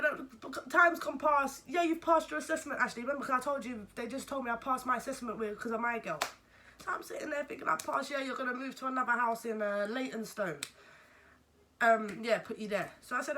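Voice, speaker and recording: Young london girl ranting a story, lots of slang n swearing, sharp bright tone. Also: mid-range voice. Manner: animated, swears freely, slangy. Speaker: vlogger. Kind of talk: casual storytime vlog.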